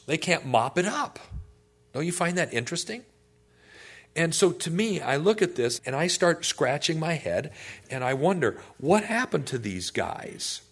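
A male pastor teaching a sermon in a conversational way, often asking listeners questions. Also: a little high. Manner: conversational, animated, asks the audience questions.

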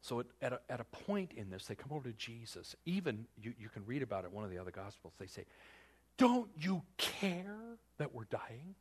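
A male pastor preaching a sermon in an animated storytelling manner, full of filler words. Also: on the low side, quick pace, hardly any pauses, slightly rough.

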